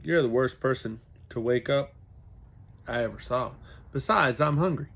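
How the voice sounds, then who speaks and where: A man voicing a small, excitable, proud young boy in a high, emphatic childlike voice while reading a storybook aloud. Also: moderate pace, vocal fry, husky. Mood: cheeky.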